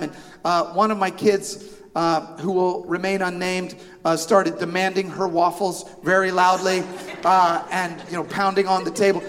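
High-voiced pastor in a reverberant hall. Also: male voice. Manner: storytelling, animated, self-deprecating humor with congregation asides. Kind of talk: sermon. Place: church sanctuary.

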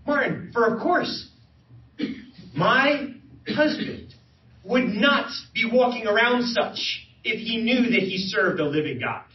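A man's voice: high voice, animated, slow pace. A man sharing a testimony at a men's breakfast, in an earnest way, often repeating words as he searches for them. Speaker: lay speaker. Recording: roomy hall, distant mic, dull sound.

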